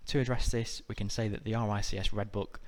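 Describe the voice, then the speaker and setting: A man narrating a scripted exam-prep lesson in a measured, methodical way. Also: lowish voice. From United Kingdom. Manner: measured, even, methodical delivery. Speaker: exam tutor.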